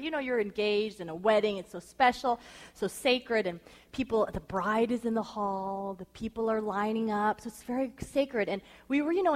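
A woman with a fairly high voice tells a story with animated energy and acts out the quoted voices. Her voice carries a long reverb, as from a large hall. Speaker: speaker giving marriage advice to wives. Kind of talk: lively storytelling talk.

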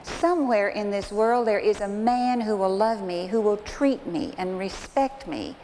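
A woman, voicing a hurt and bitter middle-aged wife, pleading and tearful in the telling. The voice rings out with a long reverb, as in a large hall, over a faint steady hiss. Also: mid-range voice, a little slow, lightly acted.

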